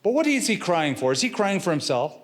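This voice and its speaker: A middle-aged male pastor delivers a sermon with dramatic, expressive phrasing and casual slang. His voice sits a little on the high side. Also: brisk.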